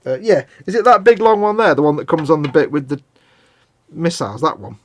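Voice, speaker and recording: A man's voice: a little high, expressive, a little fast, no echo. A British man co-hosting a casual live stream, playfully chatting and teasing while building a model kit. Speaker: co-host.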